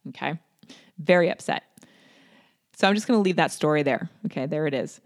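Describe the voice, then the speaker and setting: A woman candidly telling a personal story, with restarts and lively acted-out quotes. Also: low-pitched, brisk.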